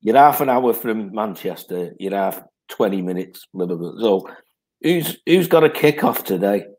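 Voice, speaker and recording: A man's voice: on the low side, expressive, normal speed, a little mellow. A man, a guest who tells rambling anecdotes in casual chat and laughs as he tells them. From North West England.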